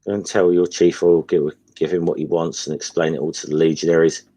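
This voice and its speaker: A man with a very low voice chats casually while reading comic lines aloud. He stumbles and restarts often and keeps a relaxed, conversational delivery. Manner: halting, reads quoted lines with many restarts. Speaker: co-host.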